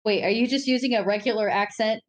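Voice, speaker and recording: A woman's voice: on the high side, steady tone, quick pace. A woman playing in a tabletop game, making casual joking remarks to the others. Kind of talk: casual chat during play.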